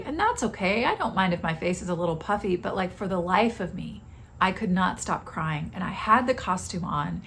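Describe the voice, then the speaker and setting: A middle-aged woman talks through a personal story on her podcast, candid and confessional. Her voice sits at a medium pitch. A faint hiss of noise runs under the recording. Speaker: podcast host.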